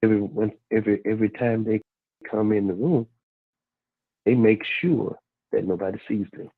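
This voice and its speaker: Gravelly deep-voiced man on a phone line. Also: no room sound. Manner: earnest, halting with restarts. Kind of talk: casual radio talk.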